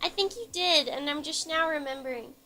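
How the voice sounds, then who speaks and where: Bubbly high-voiced woman streaming her baking. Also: brisk, pushed and bright, faint music behind. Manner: playful and bubbly, chats with viewers while cooking. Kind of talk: casual live-stream chat while baking.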